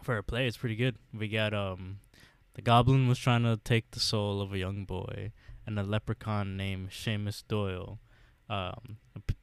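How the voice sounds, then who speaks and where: A man co-hosting a podcast, recapping a TV episode in a casual, halting way with lots of fillers and restarts. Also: fairly low pitch, flat delivery, clear, resonant tone, no room sound. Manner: hesitant, many fillers, laughs often. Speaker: podcast co-host.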